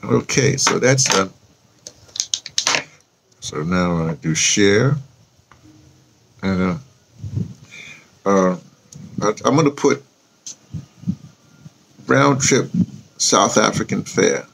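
A man's voice: lowish voice, animated, drawn-out words, creaky, pauses often, noisy background. A man with a New York accent talking casually and rambling to camera in a vlog, thinking aloud as he types a post. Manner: chatty, self-talk while typing a post, spells words aloud. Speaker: vlogger.

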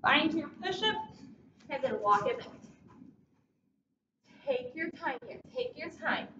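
A woman's voice: high-pitched, animated, takes it slowly. A woman leading a guided workout as a fitness instructor, cheering people on with upbeat cues and countdowns, a bit out of breath. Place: large echoey gym. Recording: echoey, distant, dull, noisy.

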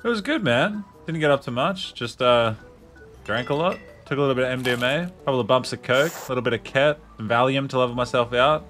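A man's voice: mid-range voice, a little fast, fairly bright tone, soft background music. A man hosting a gaming video, playing a police officer with laid-back jokes and frequent laughter. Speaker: host, player in police roleplay. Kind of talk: gaming roleplay banter.

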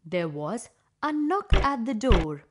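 A woman narrating a children's story in a slow, clearly paced storytelling voice. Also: on the high side, sing-song, noisy background.

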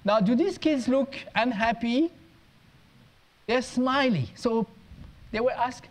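A man's voice: extremely high pitch, takes it slowly, pauses often, poor audio. A man, an education consultant, giving a conference talk, telling humorous anecdotes with small restarts along the way. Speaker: guest speaker, education consultant.

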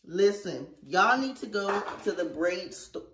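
A woman chatting casually to camera in a beauty vlog, animated and talky, calling her viewers y'all. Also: medium pitch, a little slow, slight background noise. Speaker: beauty vlogger. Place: bathroom at home. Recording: echoey bathroom.

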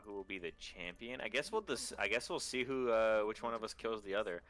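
A man streaming a video game with a friend, talking quickly in casual, teasing chat and swearing freely. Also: fairly low pitch, lively intonation, fairly bright tone. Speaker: streamer playing a game with a guest.

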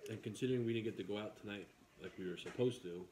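Playful man with a low voice. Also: racing, a little mellow, roomy sound, slight background noise. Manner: playful, jokey, sings goofy song bits. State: recovering from illness, rough voice. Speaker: vlog host. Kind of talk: casual chat.

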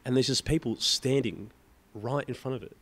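A man's voice: mid-range voice, normal speed, slight background noise. A young man co-hosting a podcast, telling rant-filled stories in casual chat and swearing freely. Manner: swears a lot, ranting storyteller. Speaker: podcast co-host.

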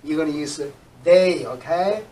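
A native Chinese-speaking man teaches an English lesson, sounding out each example sentence with deliberate care. His voice sits high for a man and he takes his time over every word. He sounds a little distant from the microphone. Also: mellow, a little hiss or hum. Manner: slow, repeats example sentences carefully, switches between English and Chinese. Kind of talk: bilingual language lesson.

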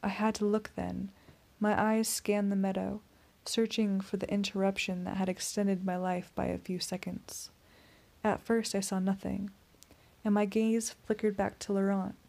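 Woman reading an audiobook, gravelly warm voice, pretty flat and even. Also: medium pitch, normal speed. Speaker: audiobook narrator. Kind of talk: first-person audiobook narration.

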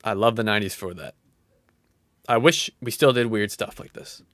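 A man in his thirties streaming casual reaction commentary. He is excitable and jumps between shouting and muttering. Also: lowish voice, moderate pace, no echo, clean studio sound. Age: 30s. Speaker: live streamer.

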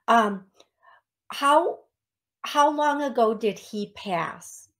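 A woman's voice: a little high, animated, very slow. A woman hosting a radio call-in show as a psychic medium, talking in a chatty way with many restarts and ums.

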